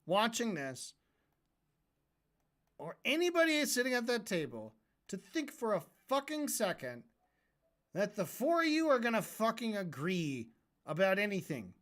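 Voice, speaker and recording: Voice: mid-range voice, wildly swooping pitch, unhurried, long pauses, a bit bright. Profane ranting debate streamer. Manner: profane, mocking rant. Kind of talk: livestream debate reaction.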